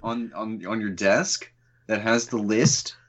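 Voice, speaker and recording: A man's voice: fairly low pitch, fairly even intonation, takes it slowly, fairly bright tone. A man co-hosting a casual podcast, playfully reading out trivia with fillers. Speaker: podcast co-host.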